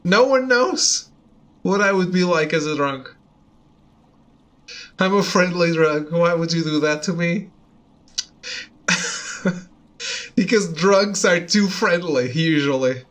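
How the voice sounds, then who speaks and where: With faint game music in the background, a young man keeps up casual banter while he plays, cracking jokes, laughing a lot, and running himself down. His voice sits high with a slightly bright tone. He speaks slowly and pauses often.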